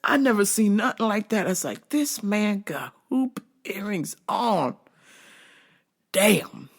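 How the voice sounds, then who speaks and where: A woman's voice: medium pitch, slow. A woman in her thirties hosting, telling a comedic story with profanity and frequent laughter. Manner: animated, profane, laughing often. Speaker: host.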